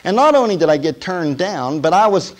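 A man preaching his testimony as a story, speaking with a somewhat high voice. He draws the congregation in with questions and moves between soft, hushed stretches and loud, emotional bursts. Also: sing-song, a little fast, rough recording. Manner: storytelling, asks the audience questions; swings from quiet to loud and emotional. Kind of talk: sermon testimony.

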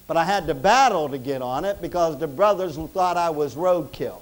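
A man preaching a sermon as pastor, emphatic, swinging between loud stresses and hushed closing prayer. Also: a little high, animated, normal speed, hardly any pauses, rough recording.

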